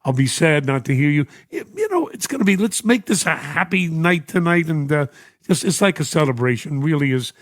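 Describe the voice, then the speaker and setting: Older radio host, emotional, dry studio sound. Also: male voice, fairly high pitch, big pitch swings, a little fast, no echo. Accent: New York. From United States. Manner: warm, emotional, chuckling often. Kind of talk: radio show reading listener messages. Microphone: studio microphone.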